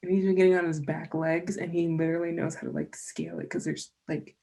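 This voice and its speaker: A young woman chats casually as a podcast guest, swearing freely as she tells animated stories. Her voice is gravelly, husky and dark. She sounds mellow rather than bright. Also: fairly low pitch, fast. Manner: animated, profane storyteller. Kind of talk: casual chat.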